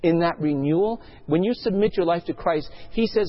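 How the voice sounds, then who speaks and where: A man's voice: sits high, moderate pace, hardly any pauses, highs cut off. A male pastor delivering a sermon, telling a story and asking the congregation questions.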